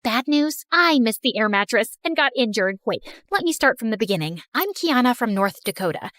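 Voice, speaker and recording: Lively high woman storyteller. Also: normal speed, dry recording, studio quality. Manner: chatty, dramatic first-person telling. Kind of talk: animated story narration.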